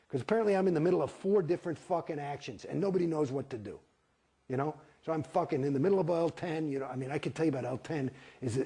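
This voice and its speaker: A man's voice: fairly high pitch, gravelly, mellow, husky. A man giving a candid interview, talking in an emphatic, profane, rambling way with many restarts. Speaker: interviewee, former church member.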